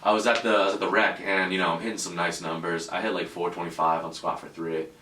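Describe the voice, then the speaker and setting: A young man talks casually and swears freely, piling up fillers as he tells a story. His voice sits on the low side. He sounds set back from the mic in an echoey room. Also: flat delivery, fast talker, sharp tone, recorded from a distance, slight background noise. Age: young adult. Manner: loose, profane storytelling with lots of fillers. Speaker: podcast co-host. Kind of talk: casual podcast chat.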